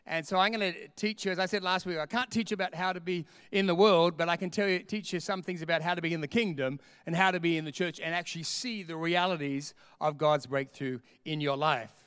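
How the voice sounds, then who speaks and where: A male pastor preaching with an energetic, emphatic delivery, hammering key lines by repeating them. His voice sits high for a man and comes through smooth and resonant. The sound is dry and close. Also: brisk, few pauses, no echo. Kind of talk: sermon. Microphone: camera with a close mic.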